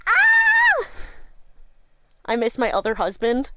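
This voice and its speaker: A woman's voice: on the high side, unhurried, slight background noise. A woman streamer chatting loosely with her live viewers from home, her voice stuffy and congested, swearing freely and laughing often. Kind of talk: casual chat with live viewers. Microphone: new desk mic.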